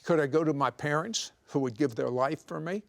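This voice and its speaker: A man with a gravelly, somewhat high voice tells his life story in a conversational interview. He is animated and slips teasing jokes in between the serious parts. He speaks into a clip-on mic in a studio. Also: fairly quick. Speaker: guest telling his testimony. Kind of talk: conversational testimony. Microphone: clip-on microphone.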